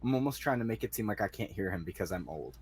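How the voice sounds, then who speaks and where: A man's voice: on the low side, big pitch swings, quick pace, a little mellow, husky. A man playing a tabletop game, describing his character's actions hesitantly. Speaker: player. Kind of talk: casual tabletop play.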